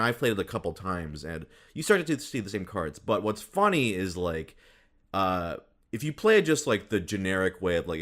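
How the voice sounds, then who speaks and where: A man's voice: low-pitched, a bit bright. A man hosting a podcast in casual chat, rambling with fillers and frequent laughs. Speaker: podcast host.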